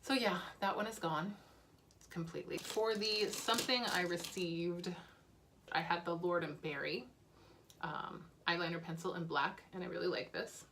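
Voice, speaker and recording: This woman's fairly low, somewhat bright voice moves at a moderate pace as she casually and frankly discusses makeup she's using up, punctuated by fillers and small laughs. A little hiss or hum is audible.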